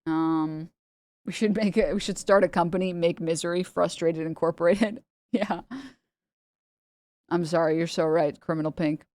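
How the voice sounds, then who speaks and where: A woman's voice: lowish voice, fairly even intonation, normal speed, long pauses, darkish tone, dry recording. A young woman streamer in casual commentary, rambling and sarcastic, often laughing and putting on mocking voices.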